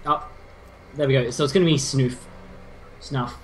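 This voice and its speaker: A man's voice: medium pitch, steady tone, normal speed, slight background noise. A man co-casting a game in a laid-back, self-deprecating, rambling way. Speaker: esports co-caster. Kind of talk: casual game commentary.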